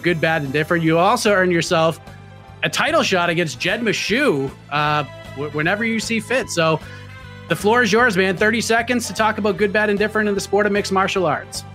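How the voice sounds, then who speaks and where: A high-voiced man hosts a podcast game show in an upbeat announcer manner. He stumbles now and then, with faint music running underneath. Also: fast talker, fairly bright tone. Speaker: podcast host.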